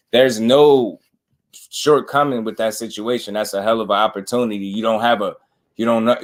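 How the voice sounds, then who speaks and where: Boxing stream host, male, lowish voice, loose slangy banter, laughs a lot while reading chat. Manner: slangy, laughing, riffing on viewer comments. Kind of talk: casual livestream chat.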